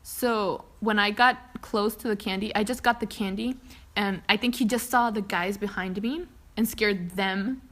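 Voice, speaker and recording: A woman's voice: medium pitch, moderate pace, a bit bright. A young woman co-hosting a casual podcast, reading a ghost story aloud and rambling, swearing and laughing along the way. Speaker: podcast co-host.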